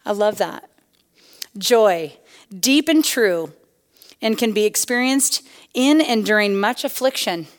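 A middle-aged woman giving a personal testimony sermon to a women's church gathering, animated and punchy, swinging between loud bursts and hushed asides. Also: medium pitch, slow pace, long pauses. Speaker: guest speaker at a women's church tea.

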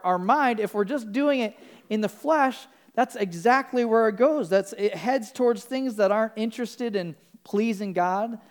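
A man, a pastor, giving a conversational sermon, often restarting and repeating words. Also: high-pitched. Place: church.

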